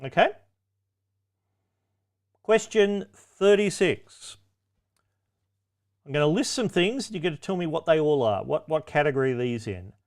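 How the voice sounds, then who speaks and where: Sardonic quizmaster with a lively voice. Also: male voice, a little high, a little slow, long pauses. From Australia. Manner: sardonic, with wry, cheeky asides; chatty, with frequent ums and self-corrections. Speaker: quiz host. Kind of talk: pub-quiz hosting.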